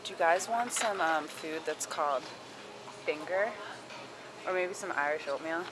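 A woman's voice: deep voice, measured pace, background noise. A young woman chatting casually in a vlog, giggly and full of filler words. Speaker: vlogger.

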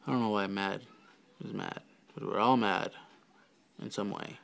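A man's voice: lowish voice, a little fast, gravelly, a bit bright. A man vlogging alone to his camera, rambling playfully, drifting into whispers and joking about his attempts at other accents. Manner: silly, slips into mock accents and whispers. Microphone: handheld camera.

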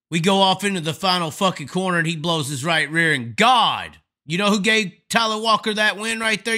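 A man's voice: high-pitched, sharp tone. A man hosting a live stream, delivering a profane, emphatic, rambling rant of commentary. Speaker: host.

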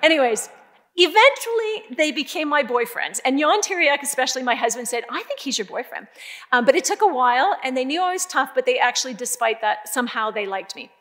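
Older woman giving a lively keynote. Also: high-pitched, quick pace, few pauses. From Canada. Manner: lively storytelling, emphatic repetition. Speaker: keynote speaker. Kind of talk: keynote speech.

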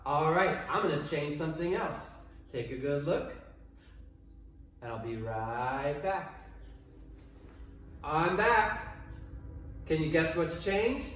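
High-voiced PE coach in an echoey room. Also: male voice, expressive, fairly bright tone, distant mic. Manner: slow, clear and encouraging, with playful exclamations. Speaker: kindergarten PE coach. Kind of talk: online PE lesson for children.

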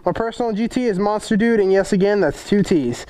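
Brief: male vlog host, high-pitched, profane and jokey, unboxing fan mail. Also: a little fast, mellow. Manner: profane, joking, rambling. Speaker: motovlog host.

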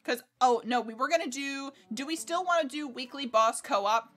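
A young American woman streaming a game in casual chat, excitable, swearing freely and laughing often. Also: high-pitched, normal speed. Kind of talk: casual livestream gameplay chat. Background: faint game music.

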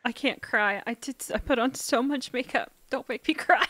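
A woman's voice: high voice, moderate pace, fairly bright tone, no room sound. A woman streaming a game alongside a friend, chatting in a giggly, playful way. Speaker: guest streamer. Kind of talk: casual game playthrough.

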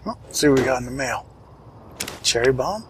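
A man's voice: mid-range voice, lively intonation, normal speed, a little hiss or hum, poor audio. A man casually commenting on his own gameplay, wry and chatty, muttering to himself and swearing now and then. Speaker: let's play host.

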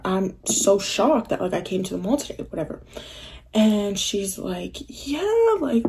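A young woman telling a story on her vlog in a casual, animated way, full of fillers and acted-out quotes. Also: medium pitch, moderate pace, gravelly, a little hiss or hum. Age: young adult. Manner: animated, filler-heavy, acts out quoted voices. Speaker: vlogger.

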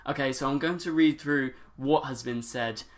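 A man's voice: medium pitch, moderate pace. A seventeen-year-old man reacting on his channel, gushing and overexcited, talking in a breathless rush. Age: teenager, 17. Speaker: YouTuber. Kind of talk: excited reaction vlog.

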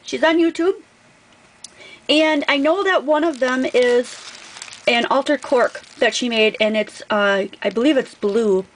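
A woman's voice: high-pitched, measured pace, slight background noise, poor audio. A woman craft vlogger opening a gift package on camera, gushing over each item in a casual, effusive way. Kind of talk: casual unboxing vlog.

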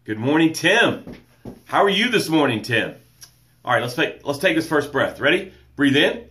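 A man hosting a live motivational show, energetic, greeting viewers by name and reading their comments aloud. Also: normal speed. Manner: drops soft and low to read quotes and breathing cues. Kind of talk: live-stream motivational talk.

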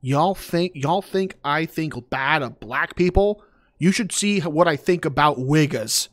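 A man's voice: on the high side, measured pace. A man hosting a podcast, reacting to a clip with crude, mocking jokes. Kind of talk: casual reaction commentary.

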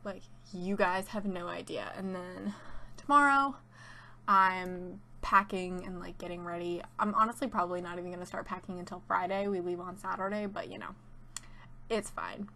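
Chatty young woman, bright voice. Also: on the low side, steady tone, moderate pace. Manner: chatty, rambling, with many fillers and laughs. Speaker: gaming YouTuber. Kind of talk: casual chat while playing.

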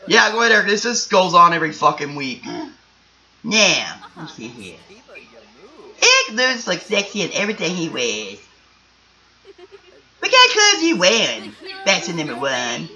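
A woman comments casually on a game and swears freely. Her voice is bright and a little high, with a lively pitch. It comes through a dull, lo-fi home mic. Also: normal speed, pauses often. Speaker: let's-play host.

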